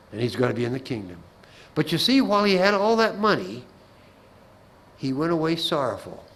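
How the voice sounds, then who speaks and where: A man's voice: fairly high pitch, fairly bright tone, rough recording. A man giving a Bible class talk in a folksy way, with humorous anecdotes and asides, often repeating words as he restarts a phrase.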